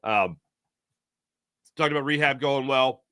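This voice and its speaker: Bright-voiced man rambling sports talk. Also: medium pitch, unhurried, clear, resonant tone, dry recording, clean studio sound. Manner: rambling, animated, plays out imagined quotes. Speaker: sports talk show host. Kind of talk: casual sports talk commentary.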